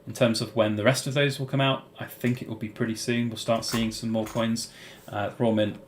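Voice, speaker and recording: A man's voice: medium pitch, level tone, a little fast, a little hiss or hum. A British man hosting a casual live-stream Q&A, answering viewers' chat questions in a rambling way with plenty of "um" and "uh". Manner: rambling, many fillers and restarts.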